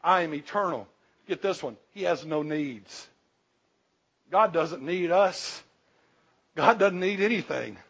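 A man's voice: a little high, animated, slow pace, vocal fry, long pauses, fairly bright tone, slightly rough. A man preaching a sermon in a folksy, humorous, emphatic way. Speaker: pastor. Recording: dull lo-fi recording.

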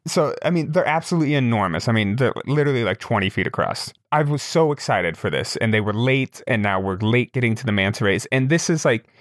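A young man telling a story in casual chat, animated and laughing, lifting his voice to quote people. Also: medium pitch, dry recording, clean studio sound. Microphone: remote call with broken camera.

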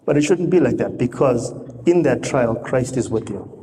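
A man's voice: medium pitch, animated, normal speed, mellow. A man preaching a sermon, talking conversationally to the congregation and asking them rhetorical questions. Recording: reverberant hall with faint noise.

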